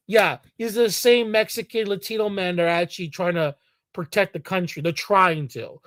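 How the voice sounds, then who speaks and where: A man's voice: sits high, a little fast, a bit bright, no room sound, studio quality. A man giving a blunt, profane and heated commentary rant in a vlog. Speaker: commentary vlogger. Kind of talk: ranting commentary.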